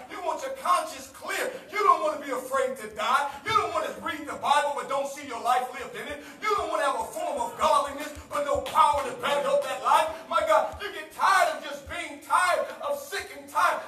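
An American man preaching a sermon as pastor, calling on a reader and building up to shouting. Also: very high voice. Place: church sanctuary. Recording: roomy live church recording from a distance.

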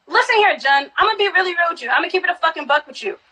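High, bright, confrontational woman from Texas. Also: lively intonation, rapid-fire, poor audio. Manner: confrontational, profane, insistent. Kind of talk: heated live-stream argument.

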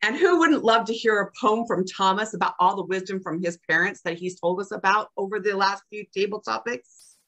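An older woman giving a prepared club speech, reciting her own poems and acting out the quoted lines. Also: brisk. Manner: expressive, acts out quoted lines with big pitch jumps. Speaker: club speaker.

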